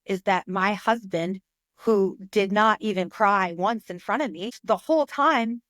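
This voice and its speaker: A woman's voice: medium pitch, a little slow, fairly bright tone, no echo. A woman hosting a podcast, speaking casually and emotionally as she tells a personal story, with frequent "like" fillers. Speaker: podcast host. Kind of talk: casual conversation.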